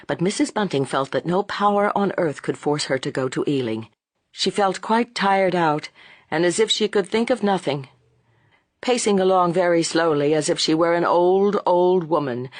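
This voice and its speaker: An audiobook narrator reading a classic novel in a measured, expressive way. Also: medium pitch, dry recording.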